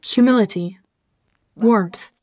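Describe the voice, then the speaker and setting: A middle-aged woman from Germany, a guest in an interview, speaking slowly and heartfelt in short, reflective phrases. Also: medium pitch, mellow.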